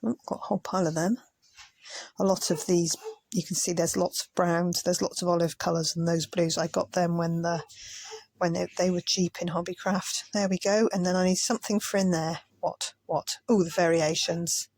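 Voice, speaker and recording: A woman's voice: on the low side, flat delivery, normal speed, a little mellow, dry recording. Chatty woman, dry close voice. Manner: chatty, muttering asides while sorting. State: tired, yawning. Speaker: craft vlogger. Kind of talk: casual commentary over sped-up footage.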